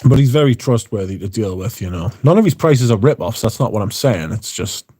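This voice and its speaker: A man's voice: fairly low pitch, lively intonation, brisk, warm tone, breathy edge. A British man hosting a livestream, chatting casually and reading out viewer comments, swearing freely. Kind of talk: casual chat.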